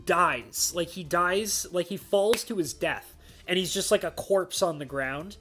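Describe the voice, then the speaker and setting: A man's voice: sits high, unhurried, pushed and bright, faint music behind. A man hosting a casual live stream, rambling with lots of filler words and frequent laughter. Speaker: streamer host.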